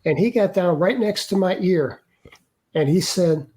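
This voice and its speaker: An older man, an interview guest, earnestly recounting a personal experience in a halting way with many restarts. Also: high voice, dark tone. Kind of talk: personal storytelling.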